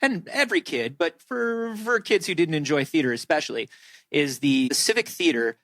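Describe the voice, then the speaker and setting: A man co-hosting a comedy podcast, chatting casually and often breaking into goofy put-on voices. His voice sits a little high for a man. It is recorded close and dry, with no room sound. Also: lively intonation, moderate pace, a bit bright, no room sound. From Florida. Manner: jokey, breaks into silly character voices. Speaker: podcast co-host.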